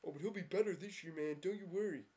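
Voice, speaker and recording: A man's voice: high-pitched, fast talker, mellow, pitched above the performer's own voice, close to an everyday voice. A man putting on the voice of a defensive, boastful football fan who keeps calling the listener "man.". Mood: smug. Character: brash, whiny adult male football fan.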